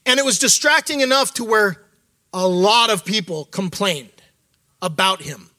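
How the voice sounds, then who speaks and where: A man's voice: sits high, normal speed, sharp tone, no room sound. A middle-aged man giving a candid, conversational sermon as an associate church leader. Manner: candid, conversational preaching with quoted asides.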